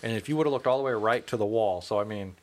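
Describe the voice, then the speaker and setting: A man's voice: fairly low pitch, fast. A man in his thirties telling stories in casual chat, swearing freely and laughing as he goes. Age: 30s. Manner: profane, laughing storyteller.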